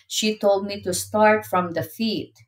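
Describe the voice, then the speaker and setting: A woman reading a legal affidavit aloud in a steady, measured way. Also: mid-range voice. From Philippines. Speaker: vlogger.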